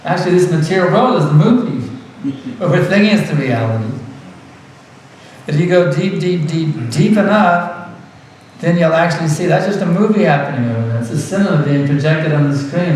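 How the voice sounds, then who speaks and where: Man giving a spiritual talk, kinda high voice, earnest, repeats stuff, far from the mic in a big echoey room. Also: animated, a little fast, darkish tone, slight background noise. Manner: earnest, repeats words for emphasis, laughs lightly. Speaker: spiritual teacher. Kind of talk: devotional lecture.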